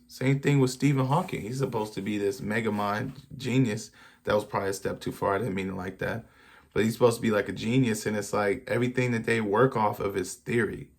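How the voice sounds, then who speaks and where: A man's voice: on the low side, brisk. A man hosting a reaction video, rambling in a casual, slangy way as he thinks aloud.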